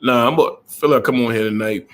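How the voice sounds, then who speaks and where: A man's voice: medium pitch, fast talker, fairly bright tone. A middle-aged man hosting a live stream, a truck driver ranting bluntly, repeating himself and greeting viewers. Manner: blunt, repetitive, greets viewers mid-rant.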